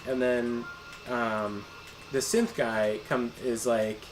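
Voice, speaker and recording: Animated, rambling male storyteller. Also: medium pitch, slow, slight background noise. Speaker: gaming channel co-host. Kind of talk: casual chat while streaming a game.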